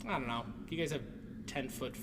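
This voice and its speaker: A man's voice: mid-range voice, a little fast. Rambling, laughing male podcast co-host. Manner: laughs often, rambling storyteller. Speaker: podcast co-host, music teacher. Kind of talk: casual chat. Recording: roomy, distant mic with noise.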